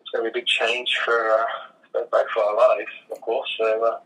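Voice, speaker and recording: Hoarse young man, bright and husky. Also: medium pitch, level tone, normal speed. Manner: easygoing, rambling with many fillers. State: hoarse throat. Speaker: guest. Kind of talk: casual interview chat. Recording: voice from far off the mic.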